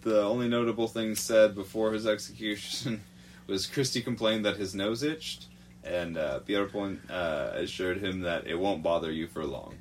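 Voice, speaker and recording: Deep-voiced man narrating a podcast casually. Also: a little hiss or hum. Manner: halting, many fillers, swears freely. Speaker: podcast host. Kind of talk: casual true-crime narration.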